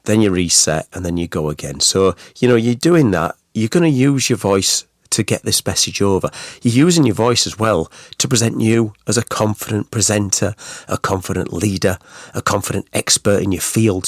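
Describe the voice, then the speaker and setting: Podcast host, man, lowish voice, casual talk full of asides, dry close sound. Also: dry recording. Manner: chatty, rhetorical questions, many "you know"s. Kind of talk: solo advice podcast.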